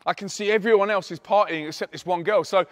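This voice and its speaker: A man's voice: sits high, fast talker, big-room sound. A Christian youth speaker, a man, telling an emphatic testimony story to an audience and acting out the dialogue. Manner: animated, emphatic, acts out quoted dialogue.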